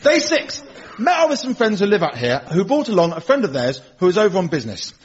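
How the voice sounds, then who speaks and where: An English man performing a scripted stand-up monologue with dry, deadpan storytelling on a radio comedy show. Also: high-pitched, a little fast, slight background noise. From England. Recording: dull lo-fi radio recording.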